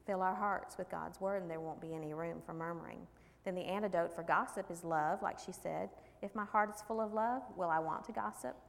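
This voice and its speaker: A woman's voice: on the low side, steady tone, a little fast, gravelly. A woman giving a devotional talk, telling folksy stories and reading scripture. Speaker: women's Bible study speaker. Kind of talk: sermon. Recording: long hall reverb.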